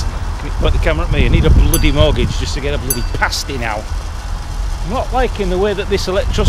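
A middle-aged man with a Yorkshire accent, vlogging his travels in a grumbling, crude, swearing manner. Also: fairly high pitch. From Yorkshire, England. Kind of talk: casual travel vlog. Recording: loud background noise, outdoors and in car.

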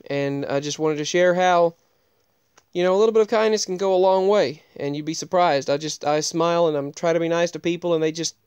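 A man's voice: on the high side, a little fast, a little mellow, smooth, no echo, highs cut off. A man casually telling a personal story in a rambling, digressive way, often restarting his sentences.

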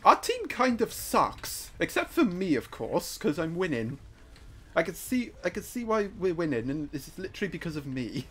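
A man giving live gameplay commentary, excitable and trash-talking, swinging from muttering to shouting. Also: fairly high pitch, normal speed, breathy edge. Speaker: gaming YouTuber.

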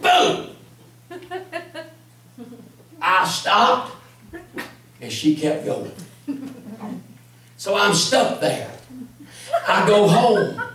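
High-voiced preacher shouting in an echoey church. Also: male voice, very animated, extremely slow, long pauses, far from the mic, slight background noise. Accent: Southern US. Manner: shouting, repeats "come on" and "amen". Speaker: evangelist preacher. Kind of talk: sermon testimony. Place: church sanctuary.

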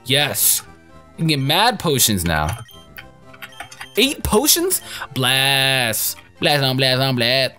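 A young man commenting on his own game playthrough, excitable, crude and joking. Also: medium pitch, slow, soft background music. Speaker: gaming YouTuber. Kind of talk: let's play commentary.

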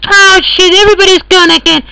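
A performer voicing a rambling, crude oddball who talks in broken English, repeating words and clearing their throat. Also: very high-pitched, little pitch movement, fast, bright, forceful tone, no echo, exaggerated voice, low-quality recording. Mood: grumbling.

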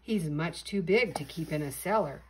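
A woman voicing a brisk, helpful male policeman in a storybook read-aloud. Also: deep voice, a little hiss or hum, pitched below the performer's own voice, natural voice.

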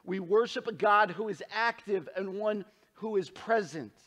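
A man preaching a sermon as pastor, earnest and emphatic, dropping low and soft when he turns to scripture. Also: measured pace.

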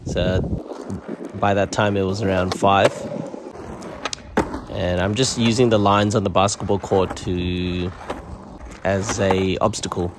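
Male skate vlogger, casual voice-over, hesitant delivery, low-ish voice, noisy recording. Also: fairly even intonation, slow pace, long pauses. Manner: hesitant, many fillers and restarts.

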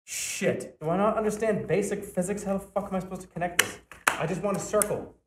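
A man streaming casually, building a toy train set, swearing and breaking into sudden loud outbursts. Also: sits high, brisk, recorded from a distance, slight background noise. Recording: echoey room.

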